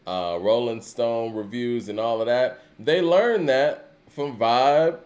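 A man co-hosting a casual hip hop podcast, speaking in a steady conversational way. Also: mid-range voice, takes it slowly. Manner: conversational, steady, reads super chats. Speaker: podcast co-host.

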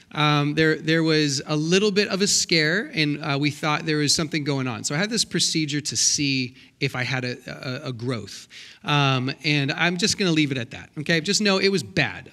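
A middle-aged man preaching as a guest pastor, telling comic stories with acted-out quotes in a church sanctuary. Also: fairly high pitch. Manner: animated, comic storytelling with voiced quotes. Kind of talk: sermon with storytelling.

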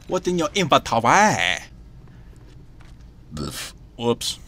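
A gamer giving rowdy commentary on his own play, loud, shouting and swearing constantly at the game. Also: medium pitch, very animated, very slow, long pauses.

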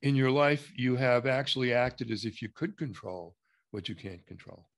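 An American man leads a coaching consultation. He asks pointed questions and pushes his client to examine his thinking. His voice sits in a middle pitch, and he is quick to laugh. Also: creaky. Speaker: structural consultant.

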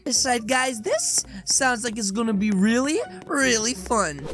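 A woman hosting a game role-play as a wolf kid, hyper and jokey, often shouting. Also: fairly high pitch, sing-song, a little slow, soft background music. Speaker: gaming channel host.

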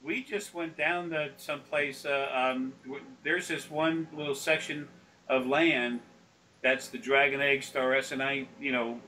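A man's voice: medium pitch, steady tone, a little slow, sharp tone, slight background noise, rough recording. A man talking as a spiritual consultant in rambling, profane casual chat that often turns preachy.

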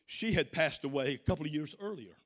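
A Southern-accented man delivers a sermon in a high, ringing voice. He calls to the congregation for amens and climbs into shouted praise. The sound carries a long church-hall reverb. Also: animated, fairly quick. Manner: call-and-response preaching, rising to shouts. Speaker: preacher.

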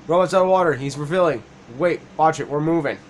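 A man's voice: on the high side, fast, a little hiss or hum. A young man giving casual, profane, joking commentary while playing a video game. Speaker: let's play gamer.

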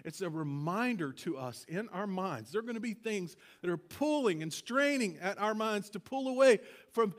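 A male pastor giving a conversational sermon in a church, earnest and halting, asking the congregation to repeat words after him. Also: high voice, animated. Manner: earnest, halting, leads congregation call-and-response. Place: church sanctuary.

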